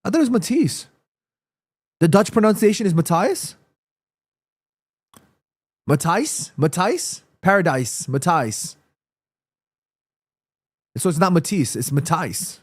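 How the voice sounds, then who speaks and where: A fairly high-voiced man with a stuffy nose hosts a live football watchalong, calling the action and answering his chat. His voice is recorded close and dry, with no room sound around it. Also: slow, pauses often, breathy edge, no echo. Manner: excitable, reads chat aloud and answers viewers. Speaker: watchalong streamer.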